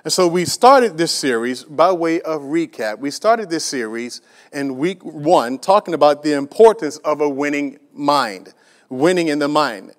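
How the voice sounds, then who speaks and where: Man, pastor, high voice, sermon, call-and-response, rising intensity. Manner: call-and-response preaching, has the congregation repeat phrases; builds in volume and pitch as he presses a point.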